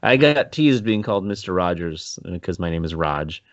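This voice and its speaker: A man's voice: low-pitched, sing-song, normal speed, no echo. A man co-hosting a casual film-review podcast, rambling and laughing often as he pokes fun at himself. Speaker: podcast co-host. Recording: dull, dry podcast recording.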